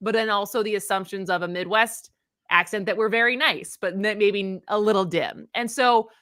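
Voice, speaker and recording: A woman hosting a live radio talk show, asking questions in a quick, chatty, energetic way. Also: mid-range voice, no echo, studio quality.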